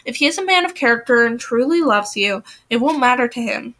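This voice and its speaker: A woman voicing a stern, indignant middle-aged mother in a novel reading, shrill and sharp. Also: lively intonation, a little fast. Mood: firm.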